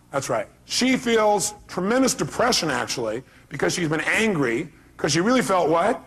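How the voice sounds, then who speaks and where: High-voiced, punchy motivational speaker man. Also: very animated, a little slow, a bit bright, a little hiss or hum. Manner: emphatic, punchy, fires rhetorical questions at the audience. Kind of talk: motivational seminar talk.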